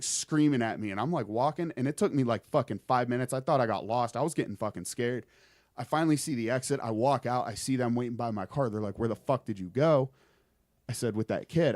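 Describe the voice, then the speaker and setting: A podcast guest, a young man with a mid-range voice, casually recounts an eerie personal experience, rambling, swearing, and animated throughout. The sound is clean studio audio with no room sound.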